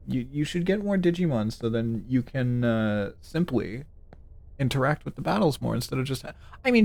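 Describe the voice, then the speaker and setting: Gravelly, rambling gaming streamer. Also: male voice, medium pitch, a little mellow. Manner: rambling, thinking aloud. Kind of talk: casual gameplay commentary.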